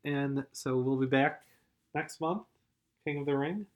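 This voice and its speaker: A man's voice: medium pitch, a little slow. A man co-hosting a podcast in casual chat, easygoing and chatty with frequent chuckles. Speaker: podcast co-host.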